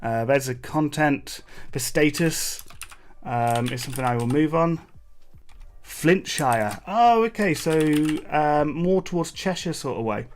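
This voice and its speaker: A man from Britain narrates his coding session on a live stream, musing aloud and drifting into asides with viewers. His voice sits at an ordinary middle pitch. Keyboard clicks and a faint hiss run underneath. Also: measured pace. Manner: thinks aloud, rambling with fillers and asides to chat. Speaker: livestream coding host. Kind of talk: casual live coding commentary. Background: keyboard typing.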